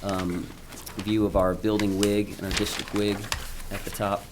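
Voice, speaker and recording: A man, a school principal, giving an informal, halting presentation at a school board meeting, with frequent ums and restarts. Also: on the low side, little pitch movement, noisy background.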